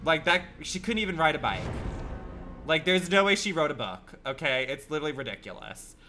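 A man's voice: fairly high pitch, animated, a little fast, bright, forceful tone, faint music behind. A man livestreaming a game, chatting with his viewers in a sassy, campy, profane way, full of rambling rhetorical questions. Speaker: gaming livestreamer. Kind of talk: casual stream chat.

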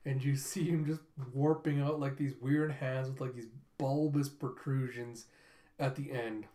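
A man excitedly recapping and reacting to a comic chapter in a rambling, casual way. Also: mid-range voice, unhurried. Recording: roomy echo.

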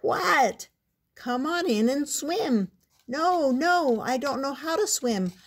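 A woman voicing a young male frog who whines and refuses to learn to swim, in a raised, squeaky voice for a storybook reading. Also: expressive, slow pace, heavily acted. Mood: whiny. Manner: whining, reluctant.

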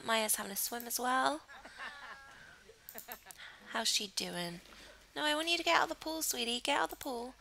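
Bright-voiced woman gaming. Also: fairly high pitch, gravelly, a little hiss or hum, rough recording. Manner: chatty, coos affectionately at the game characters. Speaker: gaming channel host. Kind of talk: casual gameplay commentary.

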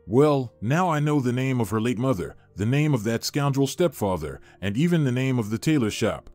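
A man voicing an anxious, guarded wealthy wife in a narrated story, read in a measured, musing way. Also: medium pitch, expressive, darkish tone, faint music behind, natural voice. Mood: wary.

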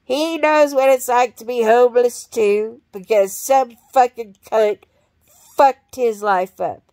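A woman rambles through a blunt, profane monologue, swearing freely. Her voice sits a little high and she talks at a slow, drawn-out pace. The sound is dry and close, with no room around it. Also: warm tone, dry recording.

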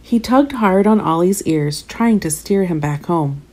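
A woman narrating a children's storybook aloud in an expressive, animated way. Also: lowish voice, a little slow.

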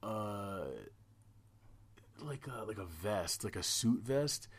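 Deep-voiced man telling a rambling story. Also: expressive, slow, slightly rough. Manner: rambling, stammering restarts, swearing. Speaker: podcast host. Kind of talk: casual podcast chat and storytelling.

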